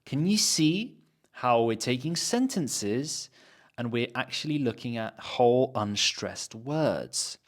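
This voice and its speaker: A man teaching English pronunciation, demonstrating example phrases by repeating them slowly. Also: lowish voice, expressive. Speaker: accent teacher. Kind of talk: pronunciation lesson.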